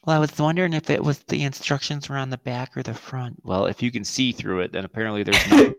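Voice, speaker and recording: A man's voice: mid-range voice, fairly even intonation, fast, gravelly, heavy background noise. Profane, laughing podcast host man. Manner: crude, profane storytelling with frequent laughter. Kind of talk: casual chat.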